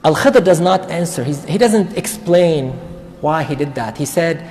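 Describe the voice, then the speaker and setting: A man teaching a Quran study circle, retelling a story in a casual, conversational way with quick asides. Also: a little high, animated, a little mellow, slight background noise. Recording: long reverb of a large hall.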